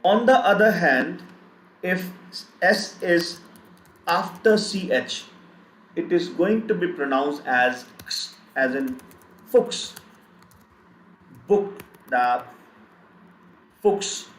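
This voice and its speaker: A man teaching a live online German pronunciation lesson, spelling out letters and repeating sounds in slow drills. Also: fairly high pitch, expressive, fairly bright tone. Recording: echoey room with faint background noise.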